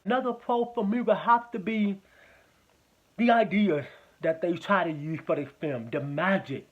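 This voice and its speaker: High-voiced man ranting through a tinny line. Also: normal speed. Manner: rambling, profane, repeats himself. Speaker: movie reviewer. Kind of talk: casual spoken movie review.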